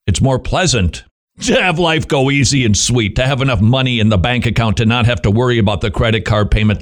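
A middle-aged man hosting Christian radio, giving a devotional talk with joking asides to himself. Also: medium pitch.

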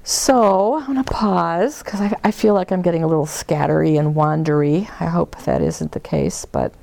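Warm, gravelly woman leading a workshop. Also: lowish voice, normal speed, dry recording. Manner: gentle and meandering, with soft laughs. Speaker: forgiveness workshop leader. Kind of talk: guiding a group session.

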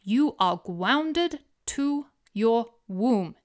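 A woman's voice: on the high side, animated, very slow. A woman narrator voicing her young husband, a caring and playful man.

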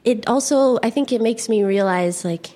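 A woman's voice: fairly high pitch, normal speed, dark tone. Giggly rambling young woman. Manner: giggly, rambling, full of fillers. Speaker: guest. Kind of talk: casual conversation.

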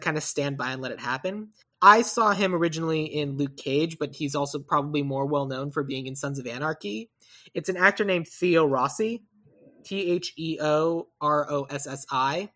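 A woman with a low voice and a bright, edged tone talks through her ideas in casual podcast chat. She rambles, corrects herself mid-sentence and drops into animated asides. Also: moderate pace. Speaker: podcast co-host. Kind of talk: casual chat about movie casting.

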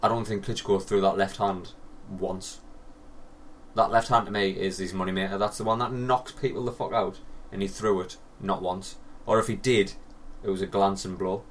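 Podcast co-host, man, swears freely, lowish voice, distant mic. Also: steady tone, moderate pace. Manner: swears freely, riffs with jokey asides. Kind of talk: casual chat.

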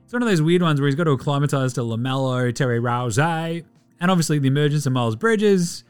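A man with an Australian accent hosting a casual basketball recap podcast, sweary and excitable, mocking players in silly voices. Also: a little high, fast, clear, resonant tone, faint music behind. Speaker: podcast host.

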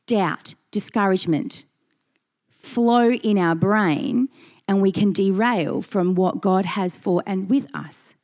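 A woman's voice: medium pitch, takes it slowly, a little mellow. A woman preaching a sermon, earnest and emphatic, reading scripture and repeating key phrases for weight.

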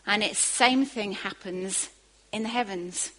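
A woman preaching a sermon, moving from quiet asides to emphatic, rising bursts. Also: mid-range voice, measured pace, poor audio.

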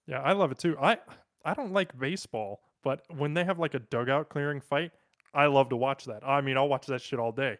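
A man co-hosting a casual podcast, relaxed and agreeable in the back-and-forth. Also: mid-range voice, fairly quick, dry recording, studio quality. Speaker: podcast co-host.

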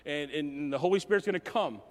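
A man preaches a sermon with a rather high-pitched voice, emotional and animated, often stumbling and restarting his sentences. His voice rings with long reverb through a church hall. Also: brisk. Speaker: pastor.

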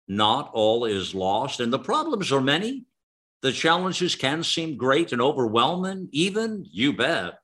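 A man's voice: lowish voice, fairly bright tone. A middle-aged man hosting a talk radio show, speaking in an earnest, rambling way full of restarts and fillers.

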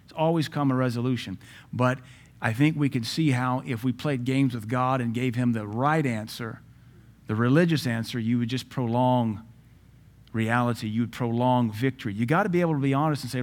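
A middle-aged man, a pastor preaching a sermon in a lively way, acting out quoted voices and adding joking asides. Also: mid-range voice, normal speed. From Southern US.

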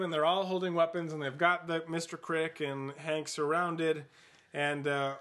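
Bright-voiced man retelling a story. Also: fairly high pitch. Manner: animated, laughs often, playful. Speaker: podcast host. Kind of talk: casual retelling of an adventure book.

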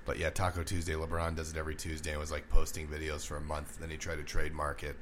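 A man's voice: a bass voice, completely flat delivery, quick pace, fairly bright tone, slight background noise. A man co-hosting a casual podcast, slangy and chatting about sports. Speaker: podcast co-host. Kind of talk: casual chat.

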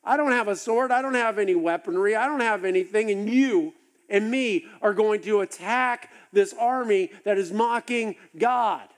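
A man preaching a sermon, telling the story with animated, acted-out asides. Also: high-pitched, moderate pace. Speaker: pastor.

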